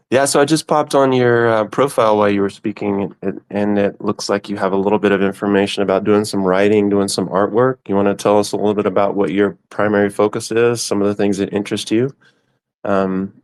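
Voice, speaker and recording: A man from the Southern United States hosts a relaxed online chat. His low voice stays level and even. He sounds welcoming. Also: smooth, poor audio. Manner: friendly, welcoming. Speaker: host. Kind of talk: casual chat on a live audio space.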